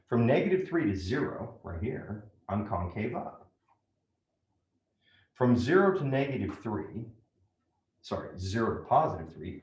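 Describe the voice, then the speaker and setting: A man's voice: lowish voice, darkish tone, echoey room, lo-fi sound. A man teaching a math lesson step by step, often checking in with "right?".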